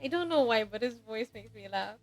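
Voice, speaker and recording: A young woman streaming a dating game, reading the narration aloud and reacting with excitement and laughter. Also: on the high side, a little fast, soft background music.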